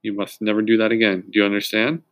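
A man's voice: fairly low pitch, level tone, fast, lightly acted. A man voicing an anxious, exasperated young mother with a raised, urgent voice. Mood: patient.

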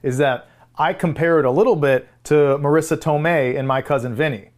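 A podcast co-host shares strong, emphatic opinions in casual chat about a film. The voice sits in a mid-range pitch. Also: a little fast, a little mellow. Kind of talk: casual movie-discussion chat.

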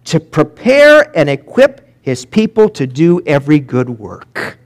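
A man preaching a sermon as pastor, swinging from loud emphatic peaks to quiet drops and slowing down to read scripture aloud. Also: a little high. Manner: animated preaching, rising and dropping sharply for emphasis.

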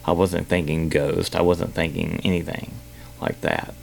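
Man, low gravelly voice, rambling storyteller, faint hum behind. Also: little pitch movement. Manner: halting, many fillers and restarts. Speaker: podcast host. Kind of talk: personal storytelling.

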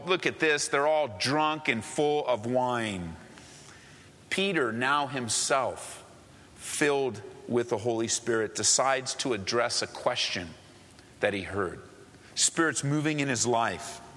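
Guy preaching, bright forceful voice, keeps hammering the same words, long echo like a big hall. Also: on the high side. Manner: emphatic, repetitive preaching with rhetorical questions. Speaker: pastor. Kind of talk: sermon.

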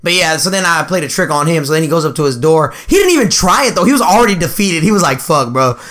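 A young man with a high, bright voice tells rambling stories on a casual podcast. He laughs often and swears freely. He slips into voices to act out what others said. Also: expressive, rapid-fire. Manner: laughing storyteller, swearing, doing high-pitched voices of his brother. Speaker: podcast co-host.

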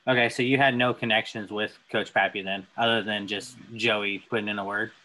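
A man's voice: on the low side, fairly even intonation, fairly quick, bright, forceful tone. Man, podcast host, jokey teasing banter, casual interview. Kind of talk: casual chat.

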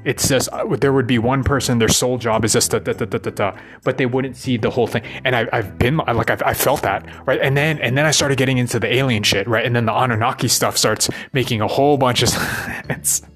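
A man's voice: medium pitch, steady tone, brisk, hardly any pauses, fairly bright tone, faint music behind. A rambling, profane man venting. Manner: profane, ranting, keeps asking "right?". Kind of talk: rambling monologue.

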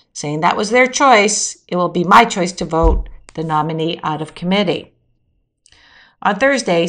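A woman's voice: lowish voice, fairly bright tone. A woman hosting a news show, reading a weekly summary of events with quotes and adding short dry asides. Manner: reads quotes verbatim, adds brief dry asides; occasional self-corrections mid-sentence. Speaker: news podcast host.

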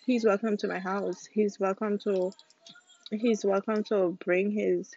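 A woman's voice: medium pitch, flat delivery, a little slow, a little mellow, dry recording. Emphatic young woman podcasting. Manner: emphatic, ranting, speaks straight to listeners. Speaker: podcast host. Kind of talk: casual opinion podcast monologue. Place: home, with family nearby. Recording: slightly dull lo-fi sound.

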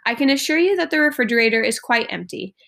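A woman's voice: fairly high pitch, expressive, fast talker, gravelly, a bit bright. A woman reading aloud as a precise, formal boy genius who speaks in a matter-of-fact way.

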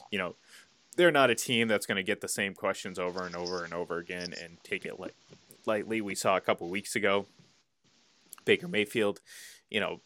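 A man co-hosting a sports podcast, talking in an animated way and repeating words as he restarts. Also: sits low, a little hiss or hum. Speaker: podcast co-host. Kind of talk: casual sports talk.

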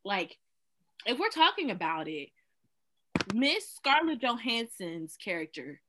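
Animated, playful woman co-hosting a podcast. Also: a little high, measured pace, noisy background. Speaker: podcast co-host. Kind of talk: casual chat.

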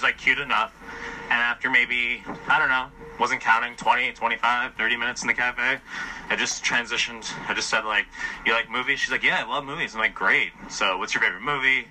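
A man's voice: mid-range voice, sharp tone, slight background noise, rough recording. Blunt, profane man vlogging on night streets. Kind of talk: casual walking vlog. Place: outdoors on city streets and stations at night.

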